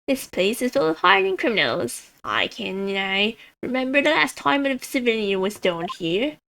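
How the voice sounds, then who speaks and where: A woman voicing a gruff, hostile middle-aged male prison governor. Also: a little high, big pitch swings, normal speed, heavily acted. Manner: hostile, loud, blustering.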